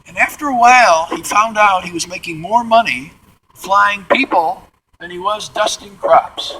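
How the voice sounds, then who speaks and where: A man from the Midwest, guiding a museum tour and telling stories in an animated way. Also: high voice, unhurried, slightly rough, poor audio. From Midwestern United States. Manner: animated, acts out quotes in character voices. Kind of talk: storytelling tour talk. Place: large museum hangar, indoors.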